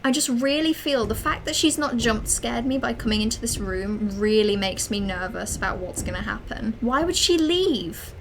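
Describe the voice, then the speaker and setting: A young adult woman giving excitable, dramatic let's play commentary as a streamer, swearing often. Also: a little high, background noise.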